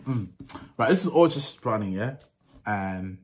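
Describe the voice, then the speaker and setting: A man's voice: lowish voice, lively intonation, measured pace, long pauses. A young man vlogging casually to camera, chatty and laughing, with street slang. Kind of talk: casual vlog talk to camera.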